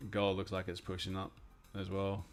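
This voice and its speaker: A man's voice: sits low, monotone, normal speed, faint music behind. A young man hosting a live trading stream, chatting casually in a laid-back way. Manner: laid-back, chatty, trails off mid-sentence.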